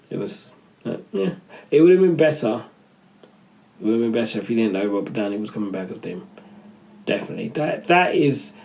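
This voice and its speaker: Low, gravelly man rambling through a review. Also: a little mellow, poor audio. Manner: rambling, loses his thread, self-correcting. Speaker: film reviewer. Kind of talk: casual spoken film review.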